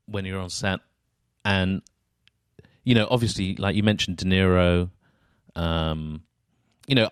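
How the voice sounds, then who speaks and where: Deep-voiced host musing aloud. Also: male voice, clean tone, dry recording, clean studio sound. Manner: thinks aloud, many fillers and restarts. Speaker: podcast host. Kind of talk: casual interview chat.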